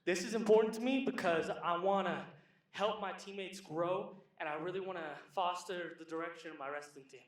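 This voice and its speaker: A teenage boy giving a short, earnest speech on stage, somewhat halting. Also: sits high. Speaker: camp participant. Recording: echoey hall, distant.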